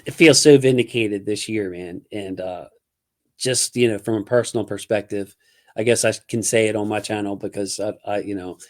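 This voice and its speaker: A man hosting a casual sports talk show on his own channel, speaking in an animated, emphatic way. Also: lowish voice, normal speed. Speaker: podcast host.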